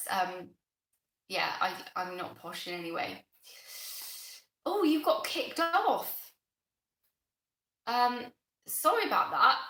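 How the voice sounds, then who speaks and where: Chatty Bristolian woman, bright voice. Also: a little high, roomy sound, low-quality recording. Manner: chatty, thanks viewers by name, apologetic. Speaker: gardening channel host. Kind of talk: casual live-stream chat.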